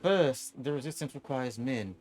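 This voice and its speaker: Brief: proud, smug game general, calm and superior; a male streamer reads her. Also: medium pitch, moderate pace, faint music behind, close to an everyday voice.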